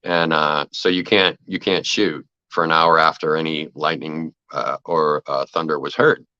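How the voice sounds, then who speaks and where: Deep-voiced man telling casual stories. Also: measured pace, clean tone, no echo, highs cut off. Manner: animated anecdotes, acts out quoted voices, swears freely. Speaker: actor telling set stories. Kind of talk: casual podcast storytelling.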